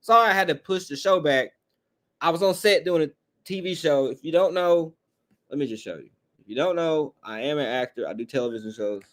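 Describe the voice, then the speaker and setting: A man's voice: a little high, brisk, a bit bright. A man hosting a live fan call-in show, talking bluntly and profanely while reading chat comments. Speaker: podcast host.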